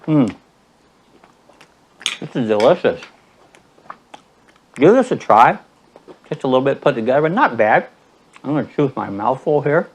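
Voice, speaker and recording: A man's voice: medium pitch, sing-song, moderate pace, long pauses, breathy edge. Chatty male cooking host, everyday mid-range voice, easygoing demo delivery. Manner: chatty, addresses viewers as guys.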